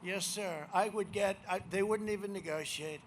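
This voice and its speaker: An older man giving a campaign rally speech, rambling and boastful, swinging between shouted lines and muttered asides. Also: sits high, normal speed, a little hiss or hum. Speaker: political speaker at a rally. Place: outdoor rally crowd.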